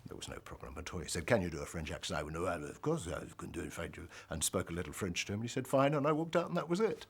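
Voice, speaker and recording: A male actor telling an animated, theatrical story in an interview. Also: sits low, fast talker, a little hiss or hum. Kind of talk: interview anecdote.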